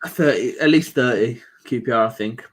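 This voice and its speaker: A man's voice: mid-range voice, normal speed. A man with a Birmingham accent joking and bantering as co-host of a casual football watch-along stream. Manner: jokey, easygoing banter. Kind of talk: casual live-stream chat.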